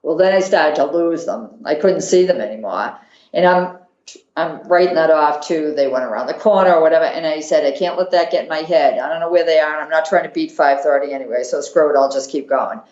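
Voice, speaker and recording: A woman with a Boston accent, a podcast guest telling a lively story and acting out her own thoughts. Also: sits low, a little fast. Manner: animated, acts out her own inner thoughts. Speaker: podcast guest, marathon runner. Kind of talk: casual storytelling. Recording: roomy, dull lo-fi sound.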